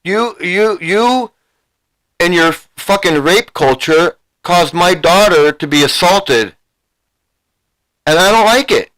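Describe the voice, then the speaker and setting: A man's voice: on the high side, animated, slow pace, a bit bright, poor audio. A man ranting as a YouTube commentator, heated and profane, repeating himself as he confronts viewers. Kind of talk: angry rant to a live chat.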